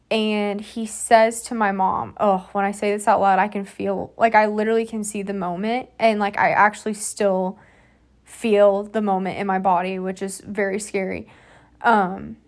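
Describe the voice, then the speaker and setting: A woman in her twenties hosting a podcast, telling a personal story in a soft, halting way with many fillers. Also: medium pitch. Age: 20s. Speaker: podcast host.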